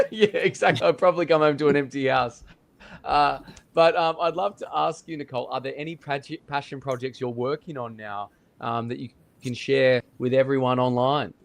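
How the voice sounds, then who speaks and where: A man's voice: medium pitch, moderate pace, gravelly. A man hosting an interview, friendly and enthusiastic, laughing easily. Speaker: host. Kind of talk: casual interview.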